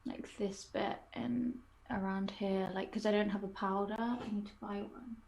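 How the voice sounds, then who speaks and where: Woman, casual podcast chat, relaxed, mid-range pitch. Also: moderate pace. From England. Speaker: podcast co-host.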